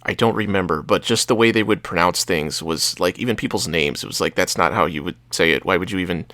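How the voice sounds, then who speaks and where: A man's voice: sits low, fast, a bit bright, dry recording. A young man co-hosting a casual movie chat, rambling and hesitant, with many restarts. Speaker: podcast co-host.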